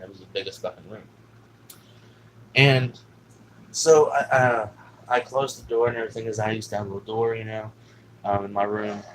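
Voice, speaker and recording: A man's voice: lowish voice, slight background noise, rough recording. A man telling a personal story in a casual, rambling way, swearing often and filling gaps with "you know what I'm saying.". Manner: rambling, profane, with many fillers.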